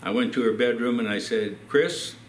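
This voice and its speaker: A man's voice: medium pitch, little pitch movement, fairly quick, roomy sound, a little hiss or hum. An older man, a pastor, telling personal stories in a sermon and acting out the quotes. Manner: storytelling with acted quotes. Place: church.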